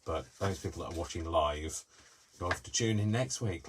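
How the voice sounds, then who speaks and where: A man's voice: low voice, animated, normal speed, husky. A man hosting a live craft tutorial in a small craft room, rambling with jokey, self-deprecating asides.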